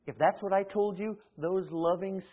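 High-voiced preacher, tinny sound. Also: male voice, steady tone, normal speed. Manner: swings between loud emphatic peaks and hushed low asides. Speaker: pastor. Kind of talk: sermon. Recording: tinny phone-like sermon recording.

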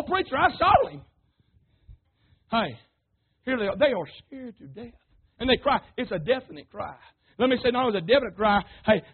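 A man preaching a sermon, fervent and calling out to his congregation, sometimes rising to shouts. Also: high voice, breathy edge. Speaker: pastor. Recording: tinny phone-like sermon recording.

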